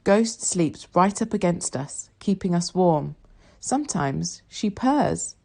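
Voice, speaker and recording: A woman narrates a novel in the first person with a soft, reflective delivery. Her voice sits low and sounds mellow and warm. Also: animated, slow pace, vocal fry. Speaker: audiobook reader.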